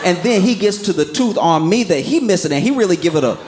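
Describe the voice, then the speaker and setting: Young male stand-up, a bit high-pitched, animated, keeps cracking himself up; noisy live club sound. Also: fast. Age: young adult. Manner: animated, laughing through his own story. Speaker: stand-up comedian. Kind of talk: stand-up storytelling.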